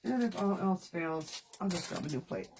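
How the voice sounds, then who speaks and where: Against heavy background noise, a woman in her thirties talks at normal speed in a voice on the low side. She's hosting a casual card-making livestream from her home studio, chatting and talking to herself as she works.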